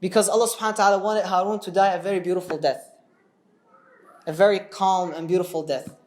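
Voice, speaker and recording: Casual, animated male religious storyteller; chats with the audience as he goes. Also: sits high, fast talker. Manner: animated, chatty, asks the audience questions.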